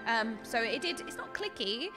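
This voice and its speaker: High-voiced woman ranting on stream. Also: normal speed, music in the background. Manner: rambling, animated ranting with repeats. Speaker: game streamer. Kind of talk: casual stream chat while gaming.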